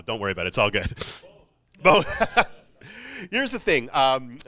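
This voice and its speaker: Bright-voiced man giving a jokey talk. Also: mid-range voice, no echo. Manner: casual and jokey, with self-mocking asides. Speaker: keynote speaker. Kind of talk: motivational talk to students. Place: university hall.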